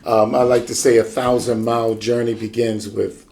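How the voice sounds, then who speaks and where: A man's voice: medium pitch, little pitch movement, moderate pace, creaky, a little mellow, a little hiss or hum. A man, a pastor hosting an interview show, talking in a conversational way with enthusiastic, preacher-like affirmations.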